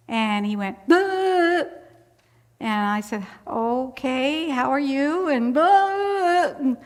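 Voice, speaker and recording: An older woman telling a personal story in an interview, chatty, laughing often as she acts out voices. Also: medium pitch. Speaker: church volunteer interviewee. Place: church sanctuary. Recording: long church hall reverb.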